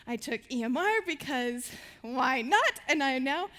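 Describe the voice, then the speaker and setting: A teenage girl speaks to a live audience from a stage in a high voice. Her tone is bright and lively, and she tells her stories in a bubbly way, laughing now and then. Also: measured pace. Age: teens. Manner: bubbly storytelling, laughs between lines.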